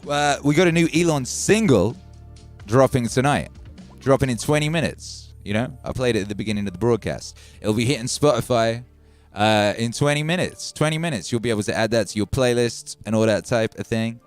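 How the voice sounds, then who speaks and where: A man from Wales with a Midlands accent touched by Welsh, hosting a casual livestream, animated and swearing freely, repeating lines for emphasis. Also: medium pitch, a little fast, soft background music. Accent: English Midlands with a Welsh tinge. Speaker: music producer hosting a livestream.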